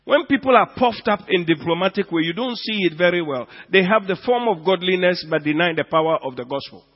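A man preaches a sermon in a high, ringing voice, dropping to near hushes and then surging loud as he stretches key words. The recording is dull and lo-fi, with a long reverb trailing through the church hall. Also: expressive, fairly quick. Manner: swings from hushed to loud, drawing out words for emphasis. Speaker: pastor.

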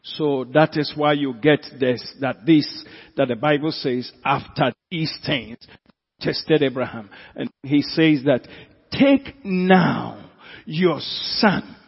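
A man with a Ghanaian accent, a pastor preaching a sermon who swings from quiet asides to loud, drawn-out emphasis. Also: medium pitch, fairly even intonation, breathy edge. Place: church hall. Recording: echoey hall, dull lo-fi sound.

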